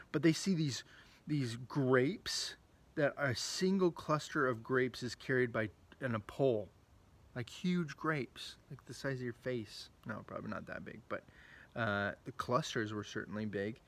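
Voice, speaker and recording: Brief: male children's ministry leader, casual animated storyteller, mid-range voice. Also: medium pitch, measured pace. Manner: animated storytelling, acting out quotes; chatty, with frequent asides. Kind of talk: children's Bible lesson.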